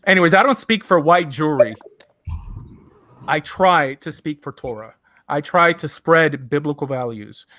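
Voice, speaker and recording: A man acting as rabbi in a debate, speaking in a measured, deliberate way. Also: a little high, expressive, bright, forceful tone, slight background noise.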